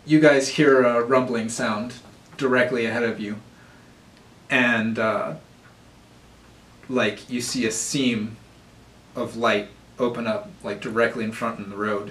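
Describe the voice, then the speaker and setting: A man running a tabletop role-playing game as game master, describing scenes in a relaxed way with lots of fillers. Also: medium pitch, a little slow. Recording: echoey room, far from mic, faint noise.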